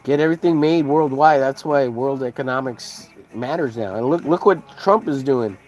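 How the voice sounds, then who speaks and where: A man's voice: mid-range voice, normal speed, few pauses, a little mellow. A man hosting a podcast, ranting casually in a profane, rambling, heated way. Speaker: podcast host. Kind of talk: casual rant.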